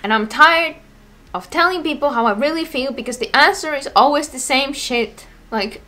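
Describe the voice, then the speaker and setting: Tired woman vlogger rambling, lots of like and swearing, kinda high bright voice. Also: normal speed. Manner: rambling, full of "like", swears often. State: mentally exhausted. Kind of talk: casual ranting Q&A to camera.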